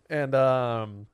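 A man's voice: medium pitch, smooth, no room sound. A young man co-hosting a podcast, chatting casually and animatedly, often laughing. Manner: animated, laughs often, talks fast when excited. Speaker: podcast co-host.

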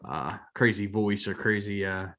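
A man co-hosting a casual chat about film news, relaxed and wry, trailing off with ums. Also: fairly low pitch, measured pace. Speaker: podcast co-host reading the news.

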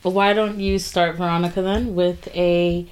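A woman's voice: fairly low pitch, little pitch movement, unhurried, a little mellow. A woman co-hosting a podcast in casual chat, telling a story in a blunt, chatty way. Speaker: podcast co-host.

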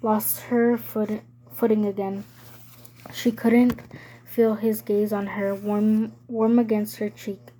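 A woman reading a novel aloud in a slow, soft voice with a flat, even pitch. She stumbles now and then and corrects herself, and her tone stays mellow and dark. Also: a little hiss or hum, rough recording. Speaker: reader.

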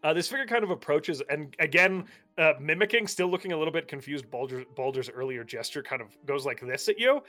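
A man's voice: a little high, lively intonation, a little fast, hardly any pauses, bright, forceful tone, soft background music. A man running a tabletop game as dungeon master, describing the scene with fillers and easy laughs.

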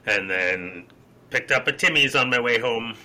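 A man chatting casually on a podcast, telling animated stories and slipping into put-on voices. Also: medium pitch, normal speed, slight background noise, low-quality recording. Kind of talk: casual chat.

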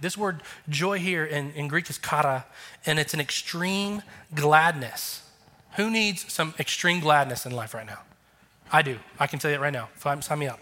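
A man's voice: a little high, animated, normal speed, sharp tone, long reverb tail. A man in his thirties, a pastor giving an earnest, conversational sermon with emphatic turns.

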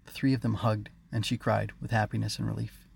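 A man, the author, narrating his own story in a steady, measured audiobook reading. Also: fairly low pitch, vocal fry, husky, dry recording.

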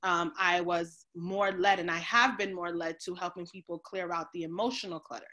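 A woman's voice: lowish voice, fairly even intonation, bright, forceful tone. Woman guest, life coach, candid storyteller, video call, lots of "um"s. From New Jersey. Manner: open, storytelling, frequent "um" pauses. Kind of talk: casual video interview.

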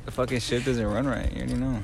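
A man's voice: medium pitch, flat delivery, very fast, vocal fry, crowd noise. A young man in casual chat, blunt and profane. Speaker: coworker guest.

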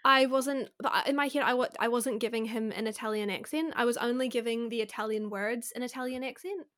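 Woman, podcast co-host, slightly high voice, chatty, rambling, casual. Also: brisk, a bit bright. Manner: chatty, rambling, many "like" fillers. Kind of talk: casual book chat.

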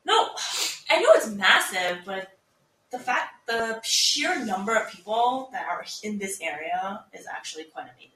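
A bright, clear young woman chats and teases her co-hosts, acting out little exchanges as she tells stories. She sits slightly back from the mic in a roomy, echoing space with a faint hum behind her. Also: mid-range voice, normal speed, distant mic. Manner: teasing, animated storyteller. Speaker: podcast co-host. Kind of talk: casual chat.

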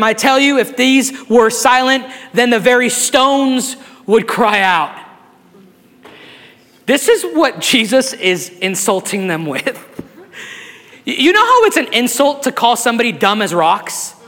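High-pitched impassioned preacher man, big hall. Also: lively intonation, a little slow. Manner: impassioned preaching, building to shouts, with repeated restarts. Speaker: pastor. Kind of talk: sermon. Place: church sanctuary with a live congregation.

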